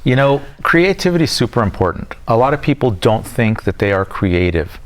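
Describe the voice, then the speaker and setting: A man's voice: medium pitch, very animated, a little fast. A man hosting a local TV interview who asks long, winding questions with open enthusiasm. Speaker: TV interviewer, host.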